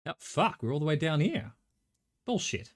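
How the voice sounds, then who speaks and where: A man's voice: a little high, very animated, moderate pace. A middle-aged Australian man streaming a game, thinking aloud in a rambling way and swearing casually. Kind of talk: live gameplay commentary.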